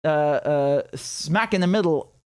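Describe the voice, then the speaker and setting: Speaking slowly, this young man has a somewhat high voice that's a little mellow and smooth, captured dry in a clean studio. An independent political commentator, he hosts a live stream in a heated, sarcastic, swearing style, stumbles over restarts and reads viewers' donation messages out loud.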